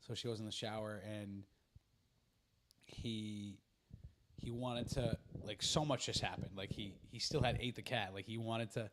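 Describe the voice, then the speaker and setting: A man with a somewhat low voice carries a casual podcast conversation. He recaps a film in a loose, rambling way, dropping into the characters' lines and swearing without a second thought. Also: fairly even intonation, a little slow, noisy background. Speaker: podcast host. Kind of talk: casual chat, retelling a movie plot.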